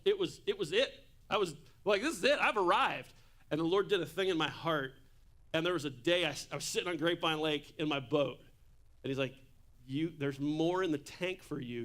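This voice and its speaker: A man preaches a relaxed, humorous sermon, full of asides and stories. His voice sits high and rings bright and clear. He is in a church. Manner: casual, jokey preaching with asides. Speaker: pastor.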